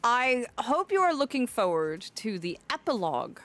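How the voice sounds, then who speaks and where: Her voice is a little high and very animated, fairly bright, at a moderate pace. She's a young woman livestreaming as a theatrical fae who affectionately greets each chatter with "my dear."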